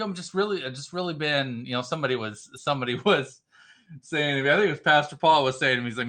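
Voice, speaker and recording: A middle-aged man hosting a live motivational stream as a business mentor, fired up, greeting viewers by name and swinging between loud bursts and quiet stretches. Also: fairly high pitch, fast talker. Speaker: startup business mentor and livestream host. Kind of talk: energetic motivational livestream talk.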